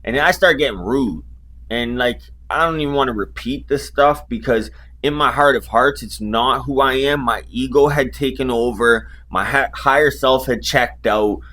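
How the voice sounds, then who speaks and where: A man's voice: mid-range voice, moderate pace, bright, forceful tone. A man, a life coach, telling a personal story in a casual, profane way with constant filler words. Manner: casual, heavy swearing, lots of "like" fillers.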